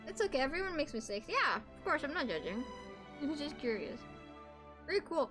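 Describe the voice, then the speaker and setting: A woman's voice: high voice, fairly quick, over music. Chatty young woman streaming a game. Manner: chatty and animated, talks to her chat, exclaims often. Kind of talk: casual gaming livestream chat.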